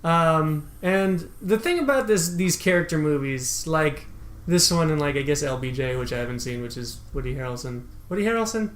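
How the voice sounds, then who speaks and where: A man's voice: a little high, expressive, moderate pace, a bit bright. A young man co-hosting a casual movie podcast, laid-back and wry, often hesitant as he talks. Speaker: podcast co-host. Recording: echoey room.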